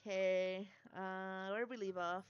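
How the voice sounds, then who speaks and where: A woman's voice: medium pitch, fairly even intonation, measured pace, clear, resonant tone, dull audio, faint music behind. A woman streamer reading a story game aloud, with chatty, giggly asides between narration.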